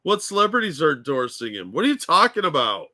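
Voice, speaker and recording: A man's voice: on the high side, very animated, fast, bright, forceful tone, no echo. A man co-hosting a casual political chat, blunt and mocking in tone. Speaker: co-host.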